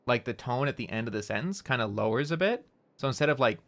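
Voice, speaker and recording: A man's voice: medium pitch, animated, fast talker, fairly bright tone. A man with a Canadian accent, streaming and chatting casually, with lots of "like" and restarts as he explains how people talk. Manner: chatty, many fillers and restarts, demonstrates intonation. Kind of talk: casual chat while gaming.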